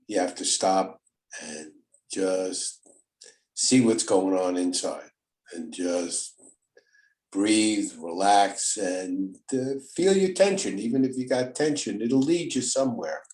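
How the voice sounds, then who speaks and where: A man's voice: low-pitched, animated, slow pace, a little mellow, rough recording. An older man hosting a podcast as a therapist, talking in a rambling, folksy way and often repeating words. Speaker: host, therapist. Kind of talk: casual podcast chat.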